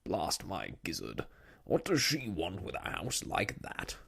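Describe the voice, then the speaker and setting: A man voicing a blustering old male naval admiral who speaks in gruff exclamations, in a storybook reading. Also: sits low, huge pitch swings, measured pace, bright, forceful tone, exaggerated voice. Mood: indignant.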